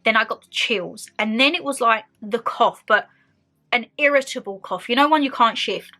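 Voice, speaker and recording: A woman's voice: a little high, moderate pace, sharp tone. A young woman with a British accent, chatting openly and expressively to her viewers in a casual sit-down vlog. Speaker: vlogger.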